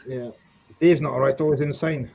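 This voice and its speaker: A man's voice: mid-range voice, fairly even intonation, normal speed, gravelly, mellow, dull audio. A man hosting a live model-building stream, chatting casually and teasing his friends. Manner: joking, teasing, mumbles to himself. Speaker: model-building livestream host.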